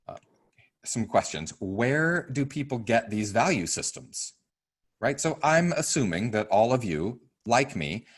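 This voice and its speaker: A man teaching a course in a conversational way, with lots of fillers and "right?" checks. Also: fairly low pitch. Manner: acts out quoted voices, loud and soft. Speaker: course instructor. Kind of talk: teaching a class.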